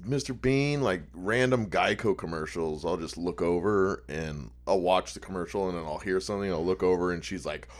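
A man's voice: sits low, normal speed, hardly any pauses. A man chatting casually, telling funny anecdotes, laughing a lot and swearing casually. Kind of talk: casual chat.

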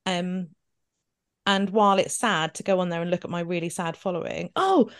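A woman's voice: fairly low pitch, normal speed. A woman, co-hosting a podcast in giggly, chatty and sweary casual talk. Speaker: podcast co-host. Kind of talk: casual chat.

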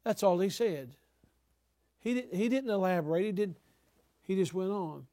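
An older man, a pastor, teaching other preachers in an emphatic style that breaks into sudden loud exhortations. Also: sits high, lively intonation, moderate pace, dry recording, studio quality.

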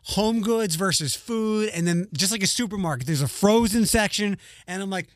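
A man's voice: high-pitched, normal speed, dry recording, clean studio sound. A young man co-hosting a casual chat, telling rambling family stories with restarts and the odd swear word. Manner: rambling, self-interrupting anecdotes with swearing.

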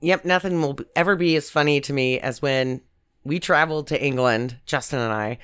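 A woman's voice: extremely low pitch, fairly quick, fairly bright tone, smooth. A woman co-hosting a podcast, making wry, laughing asides in casual banter. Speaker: podcast co-host. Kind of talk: casual movie-review banter.

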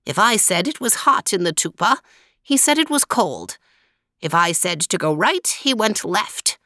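A woman voicing a very old, toothless woman who lives in the woods, with a raspy, higher voice. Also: very animated, measured pace, sharp tone, no room sound, clean studio sound, heavily acted. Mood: exasperated.

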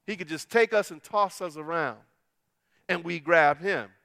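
A middle-aged man preaches a sermon, telling a story and moving between hushed lines and forceful, emphatic ones. His voice sits high and bright, with a smooth, resonant clarity. The sound is dry and close, with almost no room reverb. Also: moderate pace. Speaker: pastor.

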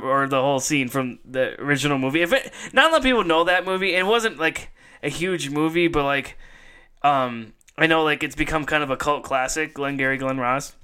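A man's voice: fairly high pitch, sharp tone, clear, resonant tone. A man hosting a podcast in casual chat, laughing often as he retells a comedy sketch. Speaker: podcast host.

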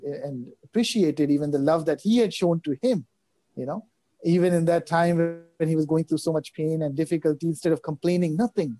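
A man recounting a religious story in conversation, talking quickly with many fillers, restarts and repeated words. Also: fairly high pitch, warm tone, dry recording. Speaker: religious guest speaker.

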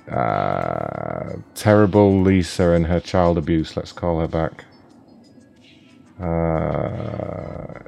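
Tiefstimmiger, trockener Moderator. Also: male voice, deep voice, vocal fry, a little hiss or hum. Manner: deadpan, mocking. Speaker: prank call show host. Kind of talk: casual chat and prank calls.

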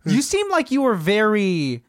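A man's voice: sits high, huge pitch swings, unhurried, no echo, clean studio sound. A man co-hosting a casual podcast chat, teasing and laughing often.

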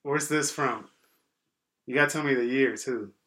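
A man's voice: medium pitch, normal speed, bright, forceful tone. A man from Indiana co-hosting a podcast, chatting casually and goofing around with friends, laughing often. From Indiana, USA. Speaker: podcast co-host. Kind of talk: casual chat among friends.

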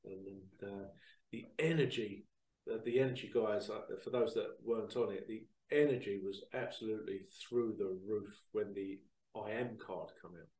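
A man hosting a show, talking casually to viewers in a chatty, animated storytelling way that repeats phrases. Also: fairly low pitch, normal speed, far from the mic. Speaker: psychic reader and show host. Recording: roomy sound, away from the mic.

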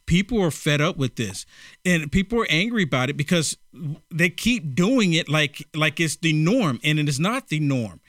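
Man, talk radio co-host, indignant and emphatic, higher voice, dry sound. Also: sing-song, normal speed, fairly bright tone, no room sound.

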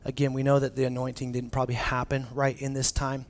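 A man preaching a conversational sermon as a pastor, casual and animated, often restarting phrases and dropping in filler words. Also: mid-range voice, fast.

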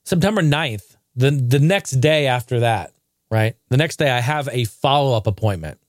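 A man's voice: medium pitch, moderate pace, no room sound, studio quality. Swearing man telling a story on camera. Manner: animated, profane, jokey, rising to outraged bursts. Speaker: vlogger.

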